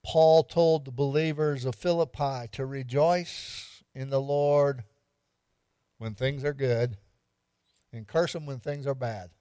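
A man's voice: medium pitch, steady tone, slow pace, warm tone, smooth, no echo, studio quality. A man pastor giving an interactive evening sermon, quizzing the congregation and repeating lines for emphasis with light humor.

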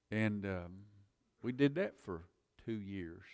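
A man's voice: lowish voice, expressive, slow, a little mellow. A man preaching, telling his own conversion story in an earnest, plain-spoken way. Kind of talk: sermon testimony.

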